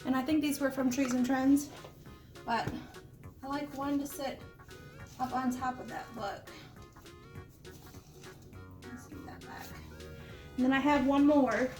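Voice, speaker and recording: A woman's voice: high-pitched, little pitch movement, a little slow, pauses often, a little mellow, soft background music. A middle-aged woman hosting a casual home decor vlog from her living room. She is chatty and homey, with lots of small asides, and is a little under the weather with the odd cough. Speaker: home decor channel host. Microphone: camera set up nearby, moved around while she talks.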